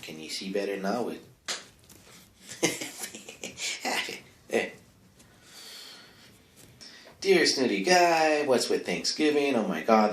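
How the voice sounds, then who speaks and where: Man, comic advice host, low voice, rambling asides, close mic, bare echoey room. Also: a bit bright. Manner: rambling and offhand, full of asides and mic checks. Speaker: comedic advice-column host. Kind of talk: rambling comedic monologue. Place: small home studio with no insulation. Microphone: close microphone.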